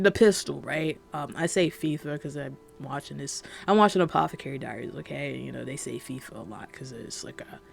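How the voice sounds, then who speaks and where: A man's voice: fairly high pitch, gravelly. A young man giving a casual spoken game review, rambling and swearing, exasperated, full of fillers and restarts.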